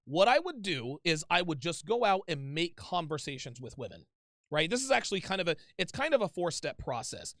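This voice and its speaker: A man's voice: fairly high pitch, very animated, brisk, fairly bright tone, dry recording, clean studio sound. A man hosting a call-in advice show, talking bluntly and emphatically with plenty of swearing. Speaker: host taking calls.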